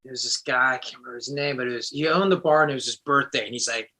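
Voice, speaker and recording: A man's voice: mid-range voice, very fast, hardly any pauses, pushed and bright. A man guest musician chatting casually in an interview, rambling with lots of restarts and fillers.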